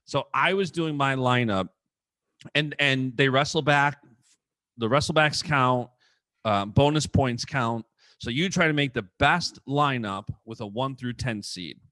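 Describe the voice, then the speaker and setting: A man co-hosting a podcast in casual sports chat, talking quickly with lots of "like" and restarts. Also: mid-range voice, no echo. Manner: quick, animated, full of "like" and restarts. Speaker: podcast co-host. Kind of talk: casual chat about wrestling.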